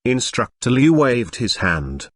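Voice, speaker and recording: A man's voice: medium pitch, big pitch swings, slow, husky, no room sound, clean studio sound. Synthetic male audiobook narrator.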